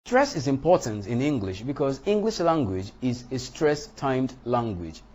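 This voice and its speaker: A man teaching a lesson on English word stress, speaking deliberately and punching out example words. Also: mid-range voice, sing-song, darkish tone, lo-fi sound. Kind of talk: lecture on English pronunciation.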